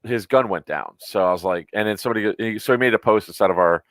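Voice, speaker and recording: A man from Florida with a lowish voice, talking casually on a podcast. He teases and jokes, and he rambles with plenty of fillers. The sound is dry and close. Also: fast, fairly bright tone, dry recording. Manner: joking, teasing, rambling with fillers. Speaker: podcast co-host. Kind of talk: casual chat.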